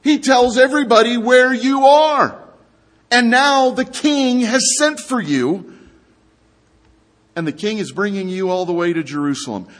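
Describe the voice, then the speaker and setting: A man preaching an expository sermon, animated and speaking straight to his listeners. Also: very high-pitched, unhurried. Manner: animated, addresses the audience directly. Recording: long hall reverb.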